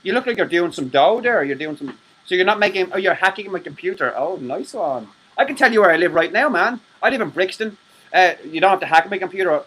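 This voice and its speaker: A man talking as a guest in a casual chat, rambling and swearing while he tells animated stories over a video call. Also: sits high, quick pace, husky, poor audio. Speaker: podcast guest.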